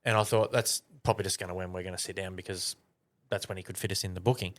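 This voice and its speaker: Aussie bloke on a podcast, kinda low voice, swearing through a pub story. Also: male voice, steady tone, fast talker. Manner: swears a lot, acts out voices in anecdotes. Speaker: podcast co-host. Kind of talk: casual storytelling chat.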